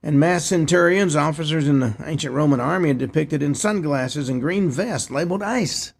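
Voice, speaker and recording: A man's voice: a little high, normal speed, gravelly, breathy edge. A man hosting a talk show, reading news headlines and adding short opinionated asides. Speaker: host. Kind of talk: news commentary.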